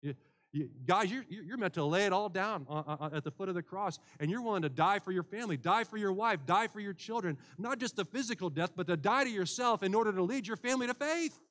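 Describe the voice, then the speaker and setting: A man's voice: sits high, fast, fairly bright tone. A man preaching a sermon as pastor, earnest, often restarting his phrases. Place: church.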